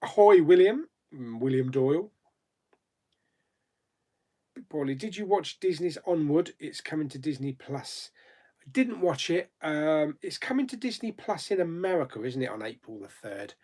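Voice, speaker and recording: Husky man chatting on a livestream. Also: a little high, very animated, moderate pace, darkish tone. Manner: chatty, laughs often, reads comments aloud then answers. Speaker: YouTube host. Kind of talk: casual live chat reading viewer comments.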